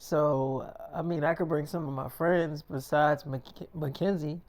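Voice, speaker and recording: A woman's voice: sits low, fairly even intonation, measured pace. A man voicing an affectionate young woman who pleads not to be left alone. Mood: pleading. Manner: soft, fond.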